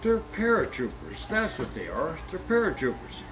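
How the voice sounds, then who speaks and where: A man voicing a Russian soldier who makes slow, emphatic guesses while telling a joke. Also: on the high side, huge pitch swings, noisy background, voice pushed up. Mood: insistent. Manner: slow, emphatic, pointing and declaring. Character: boastful male Russian soldier guessing ranks.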